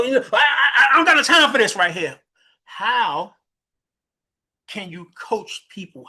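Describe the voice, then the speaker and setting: Guy giving a pep-talk style leadership lesson, kinda husky, voice sits a bit high, keeps restarting sentences. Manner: animated, restarts phrases often, jumps high when imitating others. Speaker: leadership mentor. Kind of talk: motivational teaching talk.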